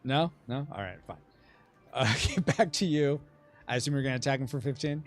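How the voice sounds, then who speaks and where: A man's voice: mid-range voice, expressive, a little fast. A man hosting a casual board game playtest, chatting and checking the rules aloud. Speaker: game host.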